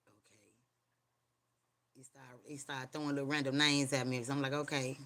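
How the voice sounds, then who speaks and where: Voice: medium pitch, level tone, fast talker, pushed and bright. Rambling slangy livestream host. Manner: rambling, slangy and profane, keeps asking viewers "you hear me?". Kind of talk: casual livestream storytelling and preaching. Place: at home.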